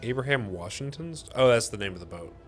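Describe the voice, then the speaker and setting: A mid-range male voice with lively intonation and a fairly quick pace provides casual commentary over a game, with faint music behind him. He's tired, relaxed and drowsy, quick to laugh and prone to swearing.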